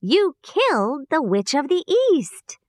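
A woman voicing a kind little old female good witch, speaking gently and reassuringly. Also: sits high, very animated, slow, no echo, studio quality, voice pushed up, full character voice. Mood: kindly.

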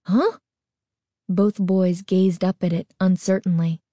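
Woman narrator, spooky story reading, slow measured pace, mellow dark tone, dry close mic. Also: mid-range voice, dry recording. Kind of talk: scripted horror story narration.

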